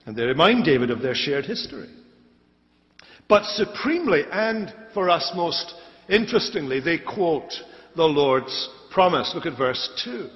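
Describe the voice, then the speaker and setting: Emphatic preacher with a high voice. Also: male voice, very animated, unhurried. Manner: emphatic, repeats key phrases for stress. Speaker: pastor. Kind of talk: expository sermon. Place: church sanctuary. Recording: dull lo-fi sermon recording with long church reverb.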